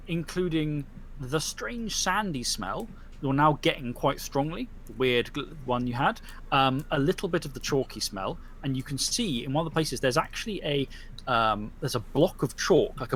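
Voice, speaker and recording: A man's voice: fairly high pitch, animated, a little slow, a bit bright, slight background noise. A man narrating as game master in a tabletop game, describing scenes with many fillers and restarts.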